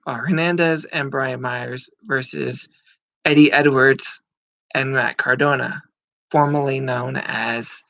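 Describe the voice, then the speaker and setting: Here a man in his thirties works as a wrestling commentator, offering rambling, casual predictions peppered with fillers and swearing. His voice is a little high with a sharp edge. The audio is muffled, lo-fi and dry, with no room sound.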